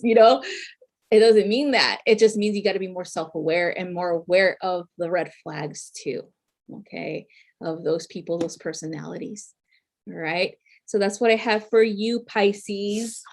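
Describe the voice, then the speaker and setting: A woman's voice: medium pitch, unhurried. A woman talking casually to viewers as a tarot reader, chatty, with lots of fillers and frequent laughter.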